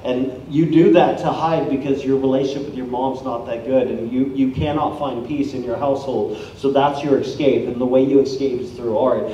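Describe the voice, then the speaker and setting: Male preacher, energetic storyteller, mellow tone, far off in a reverberant church hall. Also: mid-range voice, moderate pace, hardly any pauses, a little hiss or hum. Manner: energetic, storytelling, acts out quoted people. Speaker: guest preacher. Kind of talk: sermon with personal stories. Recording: echoey hall, from far off, dull sound.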